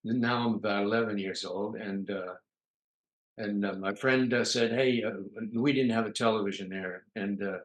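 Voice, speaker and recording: An older New York man, appearing as a guest comedian in a casual interview, tells long anecdotes packed with "uh" fillers. His voice is lowish and steady at a moderate pace, and the recording has a roomy echo.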